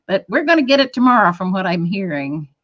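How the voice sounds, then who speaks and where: A woman co-hosting a live online show, chatting in a relaxed way. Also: mid-range voice, brisk. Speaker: co-host. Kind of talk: casual live show chat. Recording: dull lo-fi web stream audio.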